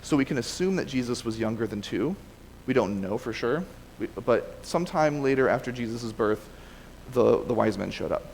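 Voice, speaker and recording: A man gives a relaxed, conversational sermon in a church sanctuary at a middle pitch. He often restarts his sentences and corrects himself as he goes. His voice carries a long hall reverb over faint background noise. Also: moderate pace, vocal fry. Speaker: preacher. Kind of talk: casual sermon with scripture reading.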